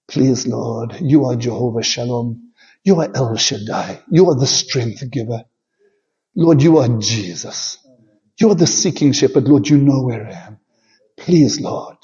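A man preaching with fervent conviction, his mellow, darker voice climbing into loud, pleading peaks and then sinking to a near hush in prayer. The recording sounds dull and muffled, like an old church tape. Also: mid-range voice, slightly rough. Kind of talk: sermon with altar call and prayer.

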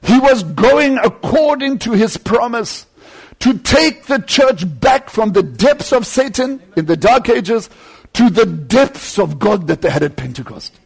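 A man preaching a sermon with fervent delivery, swinging between loud climbs and quieter asides. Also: very high voice, expressive, a little slow, creaky, breathy edge.

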